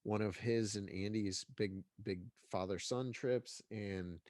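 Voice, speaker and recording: A man's voice: lowish voice, slow, a little mellow, no room sound, clean studio sound. A man talking as a guest in a casual interview, congested, rambling along with many restarts and fillers. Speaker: guest filmmaker.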